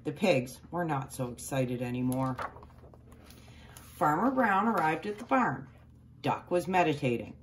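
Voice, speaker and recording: A woman reading a children's picture book aloud, with expressive, playful emphasis on the story's sound words. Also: deep voice, a little slow, pauses often, slight background noise.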